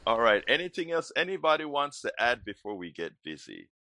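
A man's voice: medium pitch, very animated, brisk, pushed and bright. A man hosting a political talk show, speaking energetically and repeating words as he starts his sentences.

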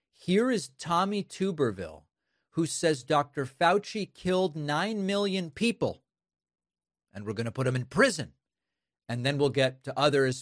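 A man's voice: fairly high pitch, no echo, studio quality. A man hosting political commentary, scornful and sarcastic as he introduces and mocks clips. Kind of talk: opinionated commentary.

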